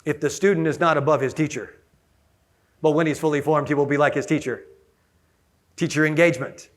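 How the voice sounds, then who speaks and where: Energetic male conference speaker. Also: fairly high pitch, a little fast. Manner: energetic, asks the audience questions. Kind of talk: conference keynote talk. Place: conference room with audience.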